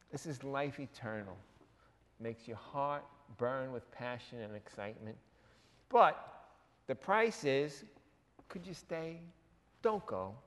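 A man preaching a sermon as pastor, animated and jokey, with quick asides to the congregation. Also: mid-range voice, big-room sound. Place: church hall.

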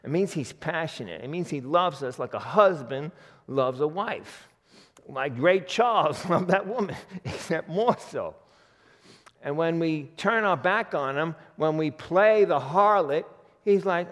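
A man preaching a sermon in a lively, folksy way, acting out quotes as he goes. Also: a little high, moderate pace, big-room sound. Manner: animated, folksy, acts out God's voice in quotes. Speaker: pastor.

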